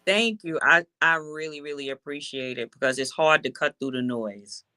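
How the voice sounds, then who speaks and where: Bright-voiced woman guest, grateful and giggly, dry close sound. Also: sits low, normal speed, dry recording. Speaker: guest singer-songwriter. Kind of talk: casual interview chat.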